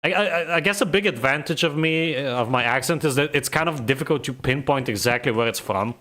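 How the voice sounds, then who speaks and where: Medium in pitch, a little fast, pushed and bright, the voice belongs to a young man with a vaguely Eastern European accent. He's streaming a game and giving casual live commentary, chatting, joking, rambling and frequently laughing.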